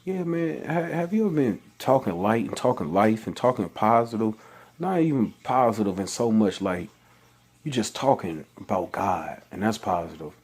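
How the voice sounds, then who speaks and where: Guy reading bible verses then riffing on them, kinda low and husky, lots of restarts. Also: lively intonation, moderate pace, darkish tone. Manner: reads scripture aloud then preaches in loose everyday speech; frequent restarts and rising exasperated questions. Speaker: religious vlogger. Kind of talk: informal scripture talk.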